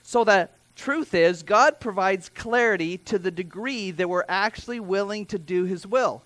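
Pastor guy preaching, kinda high voice, chatty with little asides, dry close sound. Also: normal speed, fairly bright tone, dry recording. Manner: conversational, with asides and self-corrections. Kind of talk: sermon.

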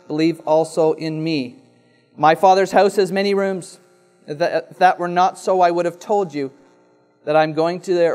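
A man with a fairly high voice delivers a sermon, reading scripture aloud and then unpacking it. He speaks slowly and deliberately, leaning on pauses and repeating key lines for emphasis. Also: a little mellow. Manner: slow, deliberate preaching with dramatic pauses and repetition. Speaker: preacher.

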